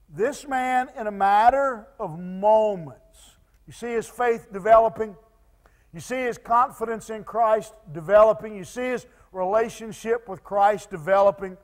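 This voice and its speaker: A man preaching a sermon as pastor, halting and repeating words with many fillers, dropping to soft pleading tones when quoting. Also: sits high. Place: church sanctuary. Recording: long church reverb.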